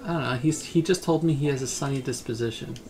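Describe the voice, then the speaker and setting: A man chats easily through a game stream, wandering from thought to thought. His voice has a gravelly, creaky edge, and soft music plays faintly underneath. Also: medium pitch, fast talker. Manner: chatty, laid-back, trailing off. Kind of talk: relaxed livestream chat.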